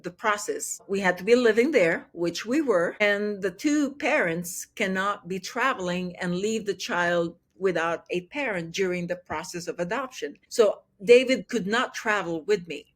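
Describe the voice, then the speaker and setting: A woman's voice: medium pitch, moderate pace, hardly any pauses. Woman in her 60s telling a testimony. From Philippines. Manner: animated, acts out quoted dialogue. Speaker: interview guest. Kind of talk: personal testimony storytelling.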